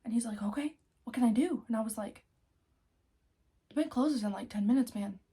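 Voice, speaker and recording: Young woman doing a storytime vlog, mellow husky voice, swears a lot, keeps laughing. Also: fairly high pitch, brisk. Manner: animated, swears freely, laughs often. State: out of breath. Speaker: vlogger.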